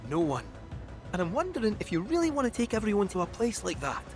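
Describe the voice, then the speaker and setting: A cheeky male cat fortune teller from a video game, with a lilt. His voice sits high and swoops up and down as he confides a warning. Game music plays clearly behind him. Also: wildly swooping pitch, fast talker, full character voice. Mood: ominous.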